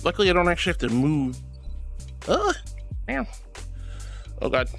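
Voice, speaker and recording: A woman's voice: lowish voice, sing-song, normal speed, vocal fry, faint music behind. A woman streaming as a VTuber, reading chat aloud with a playful, affectionate manner and frequent laughs. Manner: affectionate, calls viewers darling.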